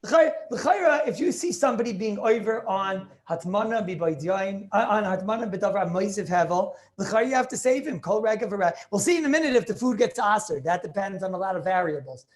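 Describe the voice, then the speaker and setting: A man's voice: sits high, lively intonation, a little fast, hardly any pauses. A man teaching a class as a rabbi, lecturing on religious law, emphatic and thinking aloud as he questions his students over a video call.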